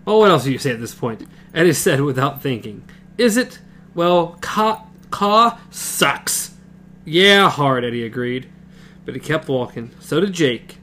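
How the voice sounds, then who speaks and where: A man's voice: medium pitch, lively intonation, moderate pace, a bit bright, slight background noise. A man reading a novel aloud with a partner, stopping to comment and correct himself. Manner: reads with comments and self-corrections. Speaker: reader.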